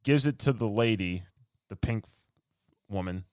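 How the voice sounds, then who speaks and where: Getting worked up in casual podcast chat, a young co-host rants sarcastically and laughs mid-sentence. His voice is on the low side, darkish and smooth, at normal speed, in a studio-quality recording with no room sound.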